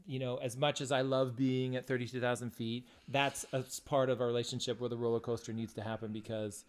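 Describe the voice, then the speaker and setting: A man's voice: medium pitch, little pitch movement, a little fast, smooth. Dry-humored man about fifty. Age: 50s. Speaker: podcast co-host. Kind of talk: casual chat with spouse.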